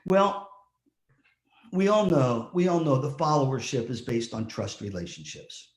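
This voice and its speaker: A man's voice: mid-range voice, big pitch swings, unhurried, roomy sound. An older man giving a motivational talk as guest speaker, telling a story and acting out the voices of the people in it. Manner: storytelling, acts out quoted voices. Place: virtual conference talk.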